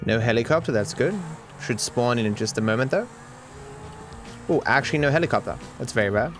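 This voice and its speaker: Soft music plays behind a medium-pitched, animated male voice moving a little fast. He's Australian, giving live commentary on a video game; he stammers, repeats words, sounds anxious, and breaks into panicked outbursts.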